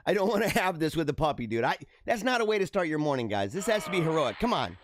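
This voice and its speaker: Animated slangy male podcast host. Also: on the high side, brisk, no room sound, studio quality. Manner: animated, slangy, laughs often. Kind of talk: casual news commentary.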